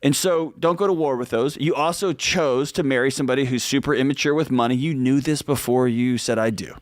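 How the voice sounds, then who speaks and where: A man talks straight and fast, answering a listener's question on a radio show. He drops into a soft, pleading hush when he plays out what the caller should say. The sound is dry and close. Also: medium pitch, dry recording. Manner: direct, animated, acts out heartfelt pleas in a hushed voice. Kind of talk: radio advice show talk.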